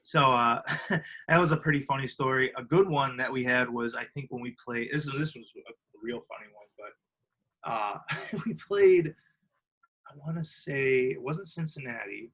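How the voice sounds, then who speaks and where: This podcast guest is a twenty-something man from Illinois who speaks at normal speed with a medium-pitched voice, recorded in low quality. Telling stories casually and with animation, he voices other characters, relies heavily on filler words and laughs frequently.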